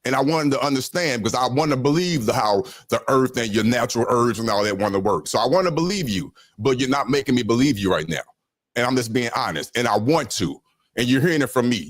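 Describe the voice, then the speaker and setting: A man's voice: mid-range voice, lively intonation, no room sound. Earnest man, dry close sound. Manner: earnest, measured. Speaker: panelist. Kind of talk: heated live-stream debate.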